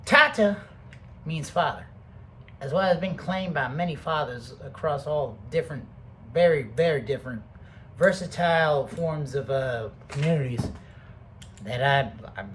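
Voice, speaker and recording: A man rambling through a casual, heavily profane motivational monologue that swings between loud bursts and low mutters. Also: measured pace, a little hiss or hum, poor audio. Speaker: vlogger.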